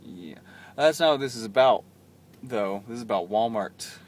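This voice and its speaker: A man's voice: fairly low pitch, lively intonation, normal speed, a little hiss or hum. Rambling young man vlogging. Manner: rambling, chatty, self-deprecating storytelling. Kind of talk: casual vlog monologue. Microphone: camera mic.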